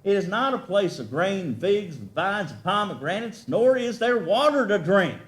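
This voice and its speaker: A male preacher delivering a sermon. He asks the congregation questions and swings from loud emphasis to very soft, quiet lines. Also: sits high, very animated, moderate pace, husky.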